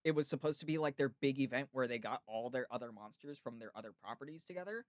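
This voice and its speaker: A man's voice: mid-range voice, fast talker, no room sound, studio quality. A man from the United States hosting a podcast, chatting casually and telling long, rambling stories. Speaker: podcast host. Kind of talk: casual chat.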